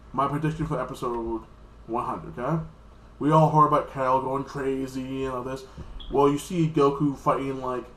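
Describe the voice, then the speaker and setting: An American man giving a casual, rambling and profane recap of an anime episode, now and then jumping into high, squeaky mock voices. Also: fairly bright tone, reverberant, slight background noise, poor audio. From United States. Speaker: anime reviewer.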